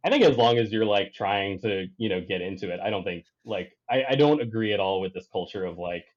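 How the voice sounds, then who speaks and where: A man's voice: on the low side, lively intonation, brisk, highs cut off. A man co-hosting a casual chat, thoughtful, with stammering restarts. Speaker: podcast co-host.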